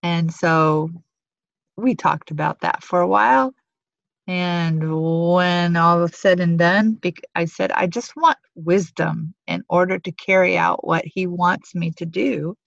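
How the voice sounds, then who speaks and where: A woman's voice: lowish voice, slow, gravelly, dry recording. A woman sharing a spiritual testimony in a searching way, thinking aloud as she goes. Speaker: prayer group member. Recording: dry, muffled lo-fi audio.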